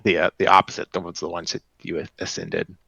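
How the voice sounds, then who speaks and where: Gravelly, animated game master. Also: sits low, fairly quick, no echo, muffled recording. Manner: relaxed, stumbling narration. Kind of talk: narrating a tabletop game.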